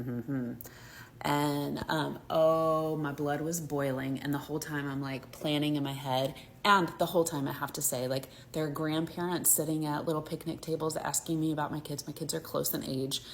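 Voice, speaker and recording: A woman's voice: sits low, flat delivery, moderate pace, vocal fry, a little hiss or hum. A woman from Alabama, telling a story about her kids in a heated, emphatic way, with lots of "like". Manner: heated, emphatic, heavy use of "like". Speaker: mother. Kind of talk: casual storytime.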